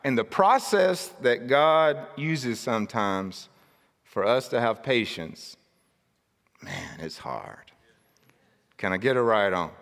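A man preaching a sermon in a casual, jokey storytelling way, breaking into shouted outbursts. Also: mid-range voice, very animated, slow, long pauses, big-room sound. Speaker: pastor.

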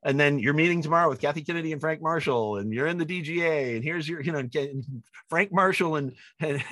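A man, a film director being interviewed, telling lively anecdotes and acting out the people he quotes. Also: a little high, a little fast, no echo. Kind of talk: animated storytelling in an interview.

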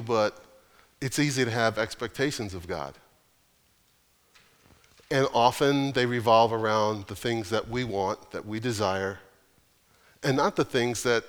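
Man, pastor, emphatic sermon, deliberate pauses, long church-hall reverb. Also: medium pitch, fairly bright tone, smooth. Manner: earnest, emphatic preaching with pauses.

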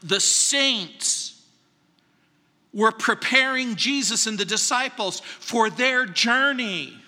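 Pastor guy preaching in a church, lively, acts out quotes, long echo in the hall. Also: slow pace. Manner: animated, acts out quotes with sudden high exclamations. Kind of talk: sermon. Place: church sanctuary.

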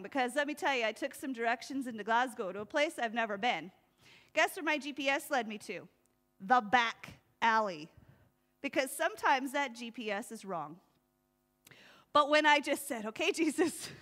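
A woman delivers a sermon with a high, bright voice. She talks in a lively, conversational way, laughs easily and acts out the voices in her stories. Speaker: preacher.

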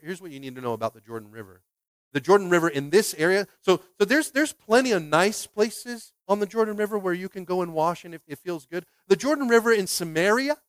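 Pastor, male, thirties, slightly high voice, dry close sound, animated preaching. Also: clean tone, no room sound. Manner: animated, acts out Bible characters with big pitch jumps; asks the congregation "are you with me?". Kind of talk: sermon.

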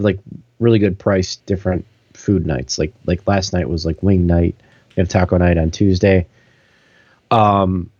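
A man's voice: lowish voice, darkish tone, dry recording, highs cut off. A man co-hosting a podcast, telling a rambling story full of fillers in casual chat. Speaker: podcast co-host.

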